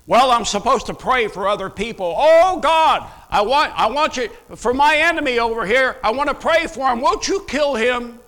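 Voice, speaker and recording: A man playing a self-righteous churchgoer who loudly prays for his enemy's ruin, in a pleading, mock-pious manner. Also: extremely high pitch, lively intonation, moderate pace, hardly any pauses, voice pushed up, exaggerated voice. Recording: long reverb of a large hall.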